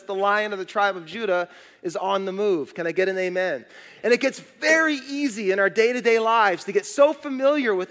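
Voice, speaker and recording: A man's voice: high-pitched, a bit bright. A middle-aged male pastor giving a conversational sermon in a church, asking the congregation questions. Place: church auditorium. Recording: long reverb of a large hall.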